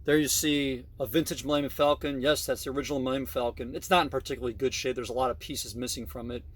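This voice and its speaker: A man's voice: medium pitch, fairly even intonation, quick pace. A middle-aged man casually narrating a tour of his collection in a basement, with frequent fillers and self-corrections. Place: basement room.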